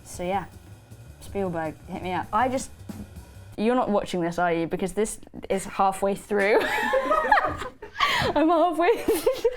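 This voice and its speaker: A woman's voice: medium pitch, moderate pace, over music. A British woman, an actor guest, chatting casually in an interview while she paints, scattered and self-deprecating. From Britain.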